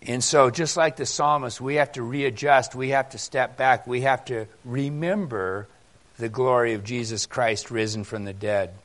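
A man's voice: medium pitch, normal speed, a bit bright. A male pastor preaching a conversational sermon and reading Scripture with animation.

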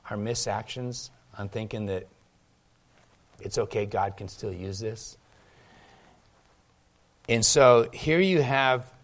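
A male pastor preaching a sermon in a lively, storytelling way, with emphatic turns. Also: mid-range voice.

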